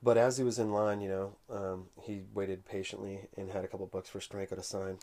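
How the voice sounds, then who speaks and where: Flat-voiced man telling a casual anecdote. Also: low-pitched. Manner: unhurried, conversational storytelling. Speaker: comic collector vlogger.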